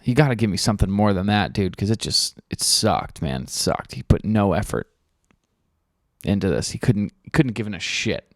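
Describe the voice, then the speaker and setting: Low-voiced rambling podcast host. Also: male voice, expressive, normal speed, dry recording, clean studio sound. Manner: rambling, profane, full of fillers. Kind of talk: casual podcast monologue. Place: studio.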